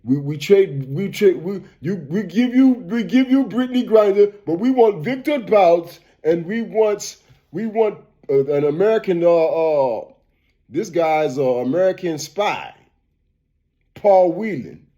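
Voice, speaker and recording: A man's voice: high voice, lively intonation, measured pace, warm tone, pitched above the performer's own voice. A man voicing a stern male Russian official in a mock Russian accent, speaking clipped, broken English and bargaining bluntly.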